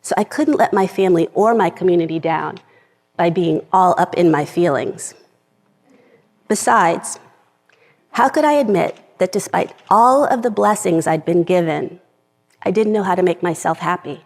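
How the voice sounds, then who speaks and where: A woman's voice: on the low side, moderate pace. A middle-aged woman giving an earnest personal talk from a script to a live audience. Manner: earnest, reads from a script, gets emotional at times. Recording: long reverb of a large hall.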